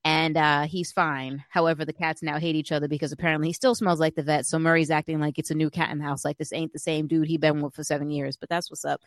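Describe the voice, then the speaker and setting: A woman telling an animated, chatty story in casual talk, full of fillers and acted-out quotes. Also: sits low, fast, hardly any pauses, no echo.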